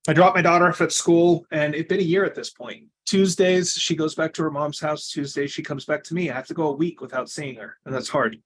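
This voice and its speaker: A young adult man giving a coaching talk, telling his own story in an earnest way that moves from loud emphasis to quiet asides. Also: a little high, fairly even intonation, brisk, hardly any pauses, husky.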